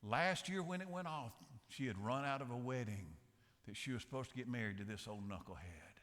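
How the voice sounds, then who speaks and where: Pastor guy preaching, folksy jokey storyteller, bright edge, big church reverb. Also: mid-range voice, expressive, a little fast. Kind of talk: sermon. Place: large church sanctuary.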